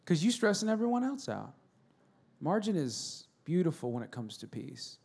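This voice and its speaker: A pastor giving a sermon in a church, swinging between loud shouted storytelling and quiet, earnest asides. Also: male voice, fairly high pitch, big pitch swings, moderate pace, vocal fry, husky.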